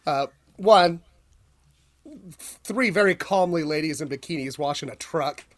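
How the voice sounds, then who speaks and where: High-voiced rambling podcast host, a man. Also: animated, a little slow. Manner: rambling storyteller, filler-heavy, swears. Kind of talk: casual chat.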